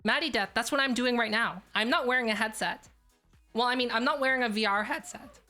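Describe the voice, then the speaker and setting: A woman's voice: a little high, fairly quick, bright, forceful tone, soft background music. A woman streaming live, chatting casually and rambling with lots of fillers. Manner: rambling, filler-heavy, restarts often.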